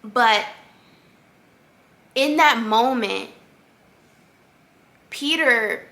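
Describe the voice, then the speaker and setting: A woman's voice: fairly high pitch, drawn-out words, gravelly, sharp tone. A young adult woman hosting a faith podcast, talking in an earnest, conversational way with lots of fillers. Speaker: podcast host. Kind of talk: casual faith-based podcast monologue.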